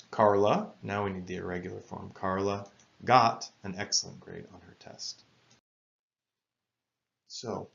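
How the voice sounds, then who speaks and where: A man teaching English spelling rules in a careful, measured lesson narration, spelling words out letter by letter. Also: low voice, creaky, fairly bright tone, highs cut off.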